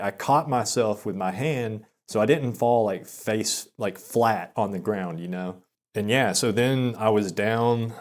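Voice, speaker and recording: A man in his thirties telling a personal story in a rambling, self-deprecating way, with many halting restarts. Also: medium pitch, darkish tone. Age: 30s. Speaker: vlogger. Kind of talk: confessional storytelling monologue.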